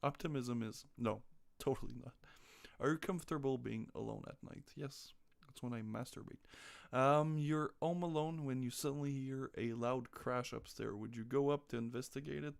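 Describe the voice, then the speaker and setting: A man's voice: mid-range voice, normal speed, vocal fry. A man chatting casually on a live stream, joking crudely and reading quiz questions aloud. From North America.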